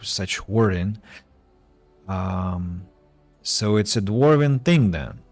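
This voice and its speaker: A man's voice: fairly low pitch, expressive, drawn-out words, darkish tone, faint music behind. A man streaming a game, chatting casually and greeting viewers. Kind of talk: casual live-stream commentary.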